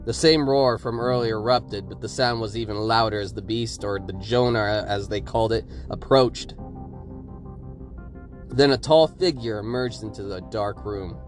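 A man's voice: on the low side, measured pace, soft background music. A man narrating a horror story for a podcast, building suspense with his delivery.

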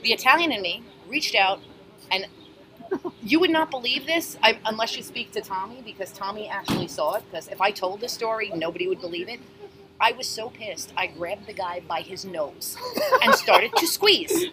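A woman, a bartender and guest telling lively, blunt, profane stories at an outdoor table. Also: medium pitch, normal speed. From Astoria, Queens, New York. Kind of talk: animated storytelling in casual conversation. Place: outdoors at a street-side table. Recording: street traffic noise outdoors.

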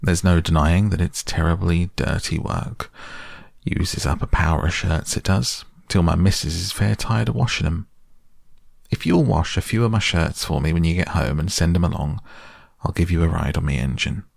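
A burly, good-natured engine driver speaks in homely country talk, as a male reader puts him on. The voice is deep and gravelly, recorded dry and close. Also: moderate pace, no echo. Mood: kindly. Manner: homely country dialect, easygoing. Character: kindly burly rustic engine driver, middle-aged man.

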